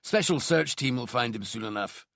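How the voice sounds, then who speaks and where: A man's voice: medium pitch, lively intonation, moderate pace, gravelly, a bit bright, dry recording, studio quality. A man voicing a complaining, disbelieving male detective sergeant. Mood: sceptical.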